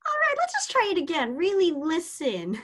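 A woman reading an impatient young woman who tutors French and snaps quickly. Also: extremely high pitch, wildly swooping pitch, fairly bright tone, pitched above the performer's own voice, full character voice. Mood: exasperated. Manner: exasperated, quick to snap. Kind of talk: amateur scene reading.

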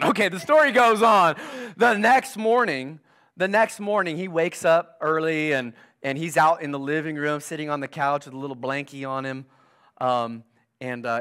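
A pastor in his thirties gives a conversational sermon in a fairly high voice for a man. He tells stories casually and says key lines twice. He moves between loud, animated bursts and soft, near-whispered stretches. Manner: repeats phrases for emphasis.

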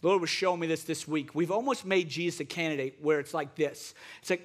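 A man with a high voice preaches a sermon, driving his points home through repeated phrases. His delivery is fervent and keyed up, climbing in intensity as he presses on. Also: fast, few pauses. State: excited, wound up. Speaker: pastor.

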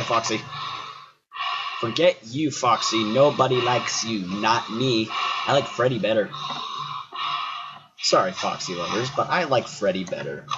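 Male gaming commentator, excitable and animated, dull lo-fi mic. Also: lowish voice, a little slow, pauses often, very noisy. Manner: excitable, yells at the characters, swaps swears for silly words. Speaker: gaming YouTuber. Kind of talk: horror game commentary. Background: game music.

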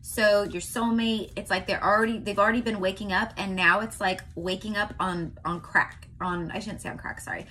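A young woman from California giving a casual tarot reading to her viewers, chatty and often checking in with a quick "okay?". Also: medium pitch, fairly even intonation, sharp tone, slight background noise. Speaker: tarot reader.

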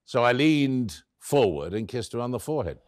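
An actor playing an elderly author, wry and tender. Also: male voice, mid-range voice, big pitch swings, normal speed, crowd noise, natural voice. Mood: tender recollection. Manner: wry, tender, acts out both sides of the dialogue. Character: elderly male author recalling his late love. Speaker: actor in a one-man stage play. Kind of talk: theatrical first-person storytelling.

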